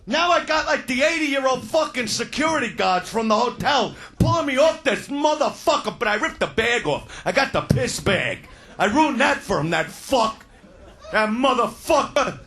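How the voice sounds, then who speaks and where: A man doing crude, loud stand-up comedy, shouting his punchlines. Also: very high voice, big pitch swings, normal speed, slight background noise. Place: comedy stage before a live audience.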